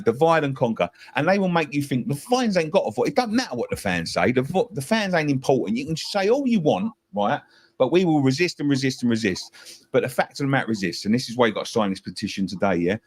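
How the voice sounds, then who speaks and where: A man's voice: medium pitch, very animated, quick pace. A middle-aged man from England, a football fan talking passionately, swearing and repeating himself. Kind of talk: heated fan-show chat.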